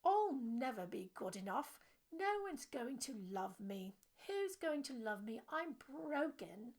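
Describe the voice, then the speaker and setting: A woman's voice: high voice, very animated, slow, darkish tone, heavily acted. A woman putting on an overdramatic, self-pitying bad actor in a fake British accent, melodramatic and drawn out.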